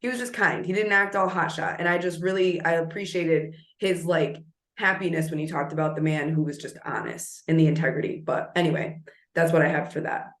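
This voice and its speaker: Low-voiced woman in an echoey room. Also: a little fast. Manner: animated, acts out quotes. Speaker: co-host. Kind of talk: casual storytelling.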